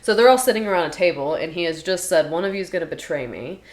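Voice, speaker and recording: Low-voiced woman chatting about scripture. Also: lively intonation, fast. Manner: chatty, retells scripture in her own words. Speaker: podcast co-host. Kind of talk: casual Bible study chat.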